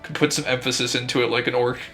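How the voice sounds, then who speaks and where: A man's voice: medium pitch, fairly bright tone. A man giving casual, wry gaming commentary with frequent laughing asides, over faint game music. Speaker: streamer.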